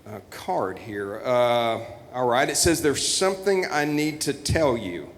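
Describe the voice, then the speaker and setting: A man's voice: mid-range voice, expressive, a little slow. A man hosting a church Christmas show on stage, playing flustered as he reads cards aloud. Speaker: church event emcee. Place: large church auditorium. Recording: long hall reverb.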